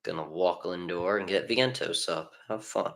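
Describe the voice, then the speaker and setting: A man with a bright, forceful voice calls a baseball game live as a fan. He drops into low, exasperated muttering between pitches, then jumps up for the strikeouts. The room around him has a noticeable echo. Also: moderate pace. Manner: frustrated, swings between muttering and excited calls. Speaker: fan commentator. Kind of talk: live fan play-by-play commentary.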